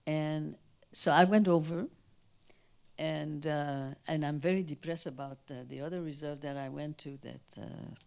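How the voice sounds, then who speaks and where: An older woman from Canada, a guest speaker telling anecdotes at a Q&A, animated and acting out the voices of people she quotes. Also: sits low, unhurried, vocal fry, smooth. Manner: animated, acts out quoted voices, trails off and restarts. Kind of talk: anecdotal storytelling at a Q&A. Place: town hall in front of an audience.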